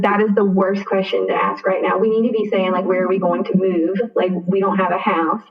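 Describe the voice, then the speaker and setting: A woman's voice: medium pitch, reverberant. A young woman telling a personal story in a chatty way, often saying "like" and acting out both sides of a conversation. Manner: chatty, frequent "like", acts out dialogue. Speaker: guest. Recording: tinny phone-line sound, distant.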